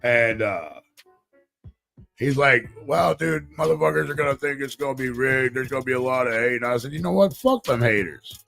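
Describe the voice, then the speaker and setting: A man co-hosting a live talk show, telling a rambling, profane, animated story about winning a raffle. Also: medium pitch, moderate pace, vocal fry, faint music behind. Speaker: podcast co-host. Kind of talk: casual storytelling chat.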